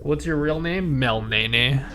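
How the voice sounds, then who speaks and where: A man's voice: mid-range voice, takes it slowly, a bit bright, slight background noise. A man streaming live, chatting casually, reading chat aloud and joking with viewers.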